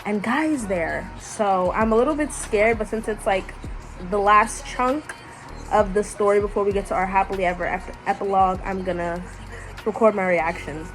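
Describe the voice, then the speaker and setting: A young woman vlogging casually about a book she is reading, chatty and quick to gasp and laugh. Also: mid-range voice, soft background music. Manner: chatty, reacts loudly with gasps and laughs. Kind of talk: casual reading vlog reactions.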